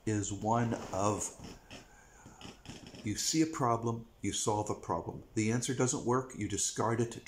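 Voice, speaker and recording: A man's voice: lowish voice, a little hiss or hum. A man delivering a blunt, repetitive, profane rant to camera as a vlogger. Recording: echoey room.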